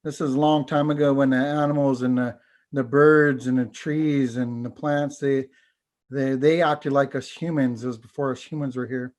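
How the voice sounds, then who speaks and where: A man, a teacher and storyteller, telling a folk tale over a video call in an unhurried, halting way. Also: mid-range voice, fairly even intonation, darkish tone. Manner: unhurried, halting, repeats words. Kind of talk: oral storytelling.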